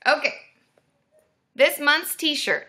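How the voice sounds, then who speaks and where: A woman's voice: high-pitched, expressive, drawn-out words, bright, forceful tone, slight background noise. A woman in her thirties, a therapist hosting a casual livestream, bubbly and cheering viewers on with woos and yays.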